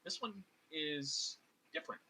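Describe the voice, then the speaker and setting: A man narrating as game master of a tabletop game, casual and animated, with lots of filler words. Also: on the high side, measured pace, breathy edge, rough recording.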